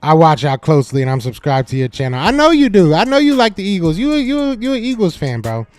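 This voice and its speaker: High-voiced man teasing his live chat. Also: quick pace, no room sound, soft background music. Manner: teasing, repeats his jabs several times; animated, talks back to chat commenters. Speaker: podcast host. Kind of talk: live-stream sports talk answering chat.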